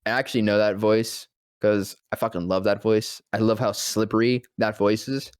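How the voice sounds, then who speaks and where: A man's voice: fairly low pitch, flat delivery, clean tone, dry recording, clean studio sound. A young man, a voice actor, telling a story in casual chat, rambling, swearing freely and laughing often. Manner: rambling, profane, quick to laugh. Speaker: podcast guest, voice actor.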